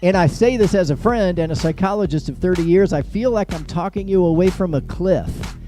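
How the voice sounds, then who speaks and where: A man's voice: high voice, brisk, mellow, soft background music. A middle-aged man hosting a live political monologue, joking and sarcastic, laughing at his own jokes and mocking others with put-on voices. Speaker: show host.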